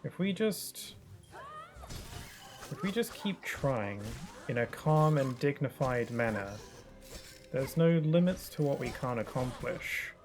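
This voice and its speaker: A man's voice: mid-range voice, animated, slow. A man giving live commentary while streaming a game, joking and griping in a mock-dramatic, self-mocking way. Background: game music.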